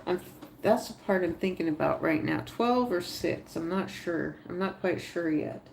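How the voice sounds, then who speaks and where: A woman's voice: on the low side, unhurried, creaky, darkish tone, a little hiss or hum. A woman livestreaming a crochet tutorial, thinking aloud step by step, chatting with viewers and talking to her stitches. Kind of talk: casual live tutorial narration.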